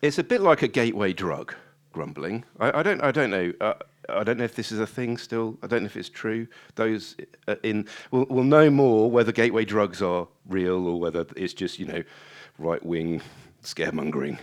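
A man preaching a sermon in a conversational way, acting out prayers with rising emphasis. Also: normal speed. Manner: animated, rising high when acting out prayers; conversational with restarts and asides.

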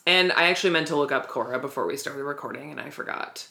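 A woman's voice: sits low, quick pace, gravelly, sharp tone. A woman co-hosting a podcast, recapping a TV episode in a chatty, candid way and laughing easily. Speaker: podcast co-host. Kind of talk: casual TV recap chat.

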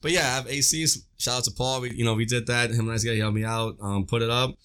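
A young man co-hosting a casual podcast chat, telling animated stories full of slang and cursing. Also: medium pitch, fast talker, clean tone. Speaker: podcast co-host.

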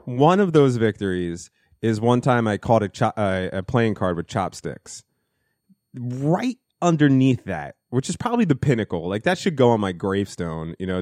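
A man's voice: on the low side, big pitch swings, normal speed, darkish tone, dry recording, studio quality. A man in his thirties, stoned, telling a rambling self-deprecating story in casual podcast chat. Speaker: podcast co-host.

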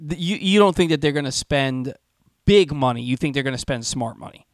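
Sports radio host guy, smooth clear voice, dry studio sound. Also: mid-range voice, lively intonation, brisk, no echo. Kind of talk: casual sports talk and show promos.

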